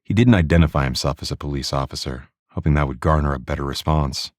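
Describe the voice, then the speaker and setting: A man reading a crime novel audiobook in steady, even scripted narration into a close studio mic. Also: very deep voice, fast talker, dry recording.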